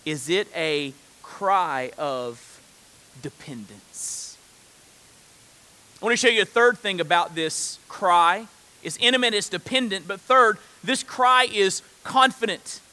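Male preacher with a high, bright voice; earnest delivery that rises to loud peaks. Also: animated, takes it slowly. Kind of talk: sermon.

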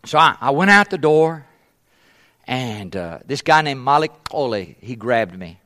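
A man's voice: medium pitch, sing-song, unhurried, bright, forceful tone. A middle-aged man preaching a sermon, telling a humorous mission story and acting out the voices of the people in it. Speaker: pastor, former missionary.

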